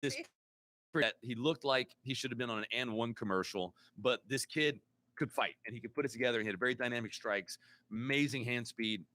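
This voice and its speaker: A man's voice: medium pitch, a little fast, bright, forceful tone. A man hosting a casual podcast chat, rambling and repeating words as he searches for them. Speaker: podcast host.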